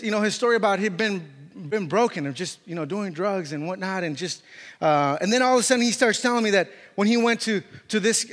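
A man preaches to his congregation, telling a story with lots of fillers and restarts. His voice sits fairly high for a man. The sound rings with a long reverb, as in a church hall. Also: a bit bright. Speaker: pastor. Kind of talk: sermon.

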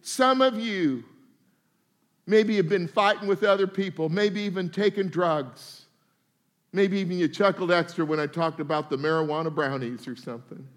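A pastor preaching a sermon, folksy and humorous, sometimes slipping into quick mock voices of his listeners. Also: fairly high pitch, steady tone.

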